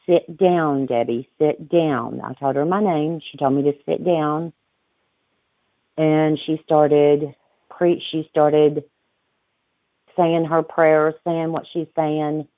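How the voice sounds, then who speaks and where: Female guest on a phone line, slow and reflective, dry tinny audio. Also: low voice, level tone, no echo. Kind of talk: personal account in an interview.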